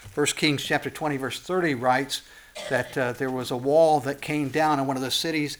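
A pastor delivering a sermon and reading scripture, impassioned, his voice climbing high and loud on warnings and then dropping low and soft. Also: fairly even intonation, moderate pace.

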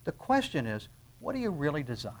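Conversational preacher, rising to loud peaks. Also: male voice, a little high, wildly swooping pitch, fairly quick. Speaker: pastor. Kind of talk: sermon.

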